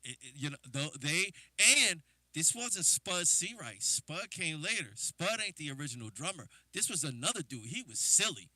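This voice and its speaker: A man's voice: on the high side, very animated, moderate pace, hardly any pauses, sharp tone, no room sound. A man from New Jersey, a drummer hosting a livestream, telling casual, rambling stories with lots of fillers. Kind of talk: casual storytelling.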